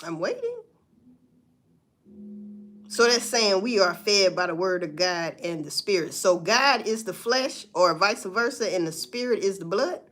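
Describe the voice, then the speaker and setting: A woman's voice: medium pitch, animated, measured pace, fairly bright tone. A woman, musing in a casual, profane monologue full of rhetorical questions. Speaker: vlogger.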